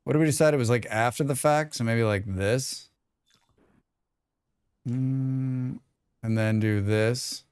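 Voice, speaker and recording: A man's voice: medium pitch, slow, pauses often, a little mellow, clear, resonant tone, no echo, clean studio sound. A man streaming a game live, chatting casually with viewers and talking to himself as he plays, rambling and swearing freely. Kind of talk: casual live-stream chat while playing.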